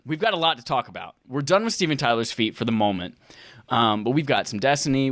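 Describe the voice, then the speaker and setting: A man hosts a casual gaming podcast, bouncing his pitch all over as he cracks jokes between news items. His voice sounds close and dry, with no room around it. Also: a little fast, no room sound. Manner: jokey, animated, reads news with playful asides. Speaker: podcast host.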